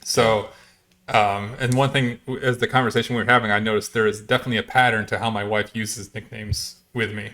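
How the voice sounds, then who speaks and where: A man's voice: lowish voice, fairly even intonation, a little fast, bright, forceful tone. A man co-hosting a casual podcast, chatty and laughing often as he talks. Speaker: podcast co-host.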